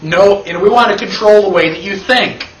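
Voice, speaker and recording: A man's voice: high voice, normal speed. A man teaching a constitution class. He lectures emphatically and fires rhetorical questions at the class. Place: classroom with an audience. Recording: echoey room, mic at a distance.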